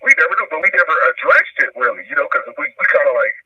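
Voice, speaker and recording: A man's voice: fairly high pitch, big pitch swings, very fast, slightly rough, no echo. A man hosting a live stream, telling a story in a rambling, slangy way with frequent laughs, in casual chat. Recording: tinny phone line, distant from mic.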